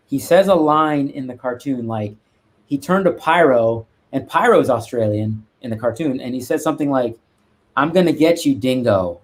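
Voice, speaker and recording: Rambling man chatting about his collection. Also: medium pitch. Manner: rambling, many restarts and asides. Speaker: guest art collector. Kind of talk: casual live-stream chat.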